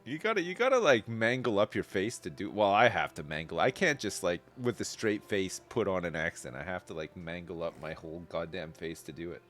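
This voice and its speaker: A Canadian man talking loosely on a live game stream, his low voice swinging up and down as he rambles. He is laid-back and casual, swears without a second thought, and often breaks into chuckles. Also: lively intonation, brisk, few pauses, a bit bright, soft background music. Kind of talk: casual live-stream chat while gaming.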